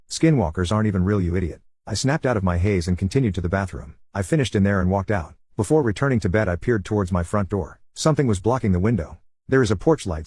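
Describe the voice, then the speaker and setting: A man with a husky voice narrating a scripted horror story at a fast, steady clip. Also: fairly low pitch, dry recording.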